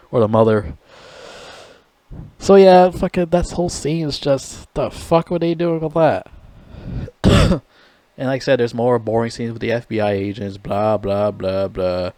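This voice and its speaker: A man casually reviewing a movie in a rambling, profane way, getting loud and animated when he is outraged. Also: medium pitch, no room sound.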